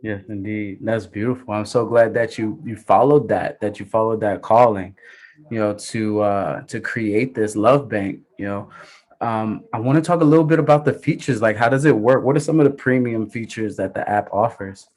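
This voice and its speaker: A man's voice: on the low side, moderate pace, darkish tone. A man hosting an interview, answering with short affirmations and asking questions. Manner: affirming, many mm-hmms. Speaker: podcast host, interviewer. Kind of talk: interview chat.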